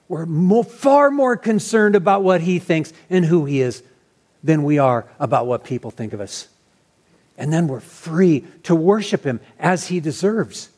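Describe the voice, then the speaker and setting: A man preaching a sermon as pastor, earnest and animated, sometimes restarting his phrases. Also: fairly high pitch.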